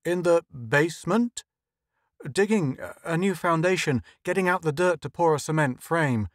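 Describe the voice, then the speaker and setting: A man reading the part of a frantic middle-aged shopkeeper who pleads and shouts for help, in an audiobook reading. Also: fairly high pitch, animated, normal speed, no room sound, studio quality, voice pushed up, close to an everyday voice. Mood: pleading. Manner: pleading, rising to desperate shouts.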